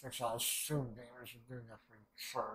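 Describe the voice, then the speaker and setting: This is a man in a casual anime reaction video, talking at an ordinary middle pitch. He rambles excitably, swears a lot and often breaks off into half-finished thoughts. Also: brisk, low-quality recording. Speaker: anime reaction channel host.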